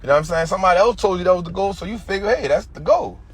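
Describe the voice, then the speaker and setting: A man with a high, husky voice and an Atlanta Black American English accent, lecturing on a livestream. He talks about money in street slang and drives his points home by repeating them. The tone is preachy and direct. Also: very fast. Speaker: finance educator. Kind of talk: livestream talk.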